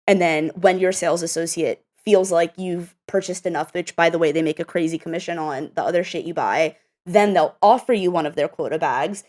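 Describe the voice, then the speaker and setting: A woman talks as a podcast guest in a loose, blunt, chatty way, swearing as she goes. Her voice sits a little low for a woman. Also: fairly quick, a little mellow. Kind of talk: casual podcast chat.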